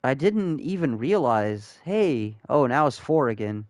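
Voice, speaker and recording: A man's voice: medium pitch, big pitch swings, measured pace, no echo. A man streaming a game live, chatting casually and rambling with his chat. He swears freely as he plays.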